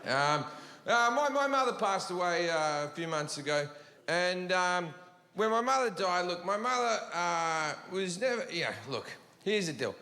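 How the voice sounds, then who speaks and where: A man's voice: sits high, lively intonation, measured pace, sharp tone. A man doing stand-up, telling a story in a profane, rambling way full of restarts. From Australia. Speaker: stand-up comedian. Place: large comedy venue with audience. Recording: live hall reverb, audience noise.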